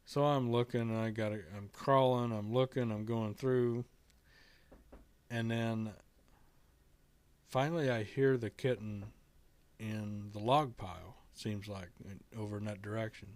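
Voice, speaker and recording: A middle-aged man tells a story to camera at an unhurried, drawn-out pace. His fairly low voice is gentle and earnest, stopping and restarting sentences. The sound is dry and close. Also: steady tone, dry recording. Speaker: vlogger telling a kitten rescue story.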